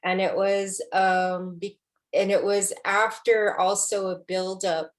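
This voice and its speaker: A woman poet in a book conversation, speaking emotionally and haltingly, with many restarts. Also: mid-range voice, little pitch movement. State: tearful.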